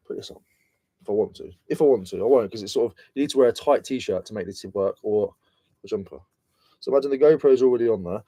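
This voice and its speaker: A man's voice: mid-range voice, warm tone, dry recording. A British man chatting casually and slangily on a reselling live stream, mocking himself as he goes. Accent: British English. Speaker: reselling vlogger.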